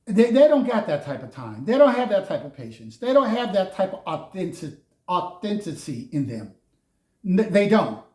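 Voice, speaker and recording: A man's voice: high-pitched, big pitch swings, normal speed, darkish tone. A man giving a casual spiritual tarot reading, preachy and mocking, often laughing at those he speaks of. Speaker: tarot reader. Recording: roomy echo.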